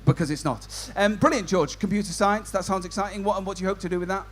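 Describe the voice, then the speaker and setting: A man's voice: sits high, quick pace, a bit bright. A man compering a stand-up comedy show, doing cheeky banter with the audience. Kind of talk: crowd work stand-up.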